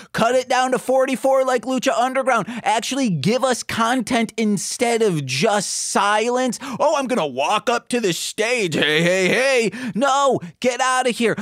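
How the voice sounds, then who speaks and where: A man's voice: very high voice, no room sound, studio quality. A man co-hosting a casual wrestling podcast, blunt and profane, prone to ranting. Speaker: podcast co-host.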